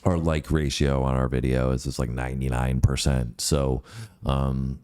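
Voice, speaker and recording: A man's voice: very deep voice, flat delivery, normal speed, a little mellow, clean tone. A Canadian man co-hosting a casual chat, joking and rambling as he reacts to comments. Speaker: co-host.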